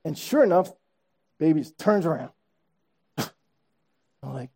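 A man's voice: fairly high pitch, expressive, slow, darkish tone, breathy edge. A man in his sixties preaching a sermon, telling a story and repeating phrases for emphasis. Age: 60s. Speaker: pastor.

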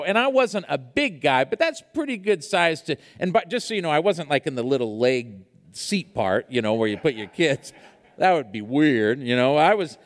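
Male pastor, sermon, animated storyteller, high voice, long hall reverb. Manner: animated storytelling with many fillers.

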